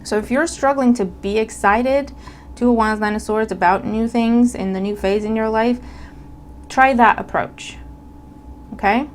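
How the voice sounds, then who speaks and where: A woman's voice: fairly high pitch, unhurried, a little hiss or hum. A woman giving a casual tarot reading, talking conversationally and checking in with her listeners often. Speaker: tarot reader.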